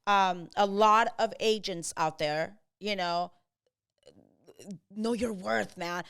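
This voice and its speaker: A woman real estate agent hosting a casual podcast chat, mixing English with Spanish and acting out clients in quick quotes. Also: mid-range voice, gravelly, clean tone. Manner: switches between English and Spanish; animated, acts out buyers and agents in quotes.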